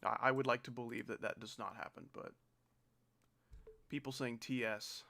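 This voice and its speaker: A man's voice: mid-range voice, steady tone, normal speed, gravelly, bright, forceful tone. Sarcastic young man streaming casually. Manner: sarcastic, rambling, mocks slang in a put-on voice.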